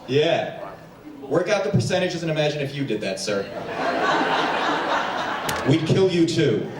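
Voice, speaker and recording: A man from New Jersey doing a stand-up comedy set with quick crowd work on a theater stage. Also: on the high side. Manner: quick crowd work, animated voices for pets. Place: theater stage before a packed house. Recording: echoey stage sound from far off, audience noise.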